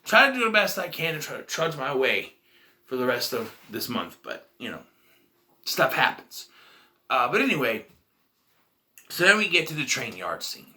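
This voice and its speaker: Animated, bright-voiced male movie reviewer. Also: medium pitch, moderate pace, pauses often. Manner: emotional, rambling, lively retelling. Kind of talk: casual movie review vlog.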